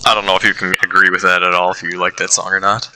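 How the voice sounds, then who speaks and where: A man's voice: sits low, level tone, fast talker, pushed and bright, a little hiss or hum, low-quality recording. A young man in casual chat about songs he dislikes, rambling a little and laughing often.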